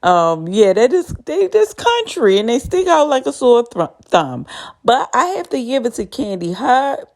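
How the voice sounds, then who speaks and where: A woman in a casual, animated TV episode recap, chatting and laughing often. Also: fairly high pitch, measured pace.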